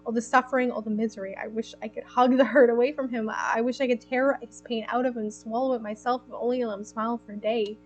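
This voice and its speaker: A woman's voice: fairly high pitch, fairly even intonation, fast talker, hardly any pauses, soft background music, rough recording. A young woman streaming a story game, reading it aloud and reacting emotionally with giggles. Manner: emotional, giggly, easily moved.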